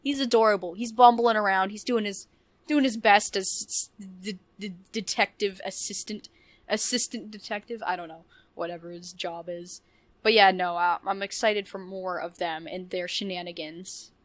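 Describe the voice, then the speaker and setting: A woman's voice: mid-range voice, steady tone, moderate pace, no room sound. A woman co-host chats casually on a podcast, rambling and gushing with little laughs and restarts. Her voice sits in a middle range, recorded close and dry with no room sound. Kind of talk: casual podcast chat about video games.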